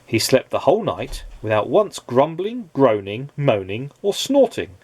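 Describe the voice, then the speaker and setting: A man reading a children's picture book aloud, lively and expressive, his pitch rising and falling a lot. His voice is a little husky and sounds close and dry. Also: a little slow, no echo. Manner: expressive storytelling. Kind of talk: children's storybook read-aloud.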